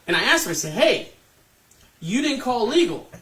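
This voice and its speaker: A man in his fifties, a podcast co-host, telling a profane, animated story and acting out what others said. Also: very high-pitched, moderate pace. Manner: profane, animated, acts out quotes. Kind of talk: casual storytelling chat. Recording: distant mic, faint noise.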